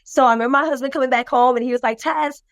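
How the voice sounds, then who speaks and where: Expressive woman telling a personal story. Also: sits high, rapid-fire, no room sound. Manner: lively and expressive, acts out other people's voices; loose, rambling delivery with many fillers and restarts. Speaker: podcast co-host. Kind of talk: personal storytelling in a podcast chat.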